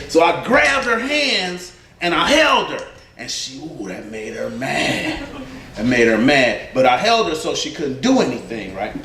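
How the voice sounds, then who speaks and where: A man doing stand-up comedy, telling profane stories in an animated way and laughing at his own jokes. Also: fairly high pitch, a little hiss or hum. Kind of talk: stand-up storytelling. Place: comedy club stage. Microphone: stage mic. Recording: echoey club from a distant mic. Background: audience laughter.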